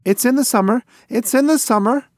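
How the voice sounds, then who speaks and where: A man voicing a boastful, joking male pigeon who talks in loud, high, theatrical bursts. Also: very animated, a little slow, no echo, clean studio sound.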